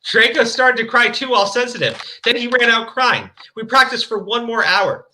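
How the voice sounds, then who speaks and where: A man's voice: extremely high pitch, moderate pace, bright, forceful tone, slight background noise. A man hosting a stream, reading fan fiction aloud with mocking, profane commentary. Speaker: stream host.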